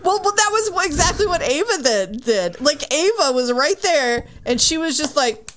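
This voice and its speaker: A woman co-hosting a podcast, chatting casually about books in an emphatic, expressive way. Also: high voice, moderate pace, slight background noise. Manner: emphatic, expressive, acts out quotes. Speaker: podcast co-host. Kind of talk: casual book discussion.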